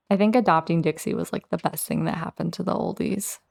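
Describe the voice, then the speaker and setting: A woman's voice: lowish voice, creaky, darkish tone. A woman hosting a casual let's play, chatting through her gameplay and talking straight to her game characters.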